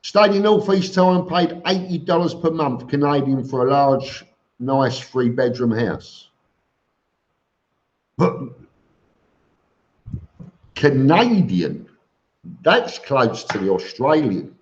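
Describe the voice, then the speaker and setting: A man's voice: mid-range voice, animated, takes it slowly, pauses often. A man hosting a casual live stream, greeting viewers by name and answering their questions with chatty, joking asides. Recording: dull lo-fi stream audio.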